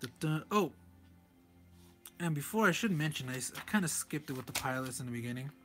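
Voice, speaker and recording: A man with a slightly high voice walks through a comic review in a loose, conversational way. He chuckles often and corrects himself mid-thought. Faint music plays underneath. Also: animated, fairly quick. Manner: chuckles often and reads panel text aloud; rambling, self-correcting asides. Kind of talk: casual page-by-page review.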